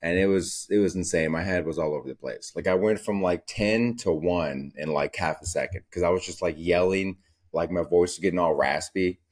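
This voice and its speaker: A man's voice: low-pitched, moderate pace, darkish tone. A young man hosting a casual solo podcast, telling stories in a profane, rambling way. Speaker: podcast host.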